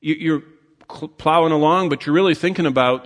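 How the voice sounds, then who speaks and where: An older man preaching a sermon as pastor, animated, with restarts and acted asides. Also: on the high side, fairly quick. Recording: long hall reverb.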